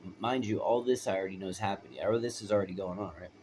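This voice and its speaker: Deep-voiced man telling a hard story. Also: steady tone, very fast, darkish tone, a little hiss or hum. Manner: rambling, emphatic, keeps asking "right?". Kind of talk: personal storytelling.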